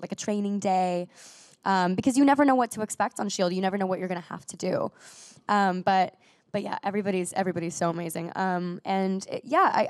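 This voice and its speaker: With a mid-range voice in an echo-free, studio-quality recording, a young woman actress chats casually as an interview guest. She's bubbly and packs in "like" and quick restarts, while still coughing from a recent illness.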